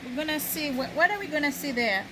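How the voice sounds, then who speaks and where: A woman's voice: high voice, lively intonation, quick pace. A mother filming a casual family vlog outdoors at a park, chatting in a sing-song, cheerful way to her children. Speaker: vlogger mother. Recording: noisy outdoor phone audio.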